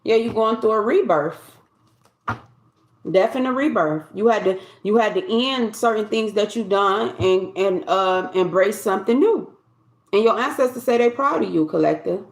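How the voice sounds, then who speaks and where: A woman's voice: a little high, reverberant. A woman giving a collective tarot reading in a loose, conversational way, often repeating and restarting her phrases. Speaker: tarot reader.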